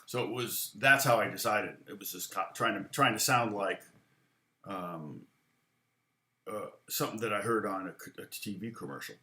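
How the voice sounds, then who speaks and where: On a live stream, a man gives guitar lessons and answers viewer questions, thinking out loud in a rambling way while counting and scatting rhythms. His voice sits fairly low with a sharp tone, and he talks at a moderate pace. The recording has a roomy echo.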